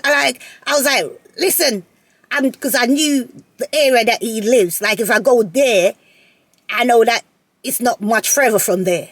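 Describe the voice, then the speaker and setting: A woman telling a personal story to her viewers in a casual, animated way, often repeating phrases and laughing. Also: fairly high pitch, normal speed, slightly rough. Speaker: vlogger.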